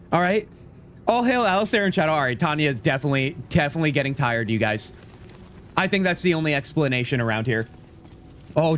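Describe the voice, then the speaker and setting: A young man streaming a game live, his voice fairly high and bouncing all over. He jokes, teases and banters with his chat, with a faint hiss of noise behind him. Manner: excitable, teasing, banters with chat. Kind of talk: live gameplay commentary.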